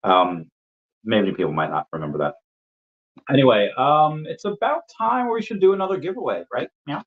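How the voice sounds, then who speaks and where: A man's voice: mid-range voice, big pitch swings, moderate pace. A man hosting a casual livestream, reading viewer comments aloud and answering them with playful asides. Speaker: livestream host. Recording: dull lo-fi stream audio.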